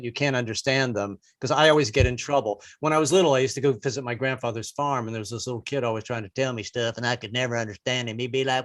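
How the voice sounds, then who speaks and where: A man's voice: mid-range voice, a bit bright. A middle-aged man doing a stand-up set over a video call, joking and rambling with stammered restarts. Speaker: stand-up comedian.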